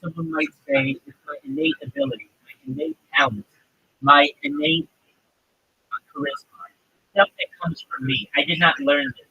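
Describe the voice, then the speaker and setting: A man on a livestream explaining vocabulary words in a rambling, casual way, often searching for words and jumping in pitch. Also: very animated, moderate pace, vocal fry, husky, dry recording, muffled recording.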